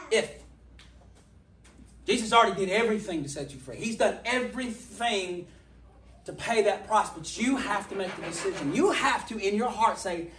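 A man's voice: high-pitched, lively intonation, moderate pace, slight background noise. Man preaching a fervent sermon; roomy, off-mic sound with faint ambience. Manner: impassioned, voice rising to near-shouting at peaks. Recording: echoey room, mic at a distance.

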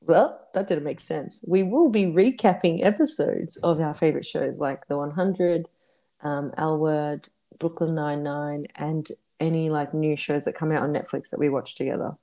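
A chatty Australian woman with a low, mellow voice, talking loosely and laughing often. She slips in casual swearing as she rambles through a podcast chat. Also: normal speed. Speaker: podcast co-host.

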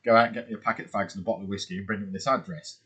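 A man chats on an unedited podcast, rattling along fast in a low voice. His voice has a husky edge, and he tells stories with swearing and the odd silly voice. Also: fairly even intonation, fairly bright tone. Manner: chatty storyteller, swears, puts on silly voices. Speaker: podcast co-host. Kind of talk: casual unedited chat. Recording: unedited home podcast mic.

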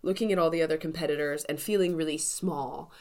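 Chatty encouraging woman podcaster, lowish voice. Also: steady tone, quick pace, a little mellow. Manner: chatty, encouraging, frequent "like" fillers. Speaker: podcast host, confidence coach. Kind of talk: casual solo podcast talk.

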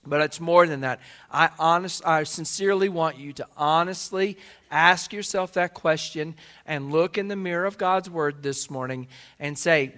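A middle-aged pastor with a drawl preaches in a church, his voice pitched a touch high for a man. He builds steadily and leans hard on the key phrases, booming them out to the congregation. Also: moderate pace, pushed and bright. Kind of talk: sermon. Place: church sanctuary.

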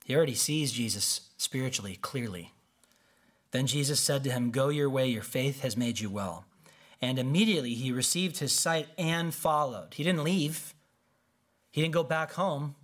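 A pastor preaching a casual, conversational sermon, acting out quick quotes and asides. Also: male voice, mid-range voice.

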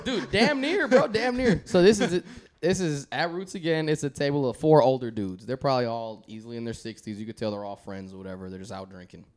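A man telling a casual story on a podcast, animated and laughing as he goes. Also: mid-range voice, a little fast, few pauses. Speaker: guest on a podcast.

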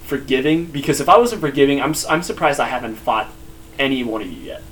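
A young man telling animated, rambling stories in casual chat with friends, swearing now and then. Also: mid-range voice, fast, slight background noise. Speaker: guest.

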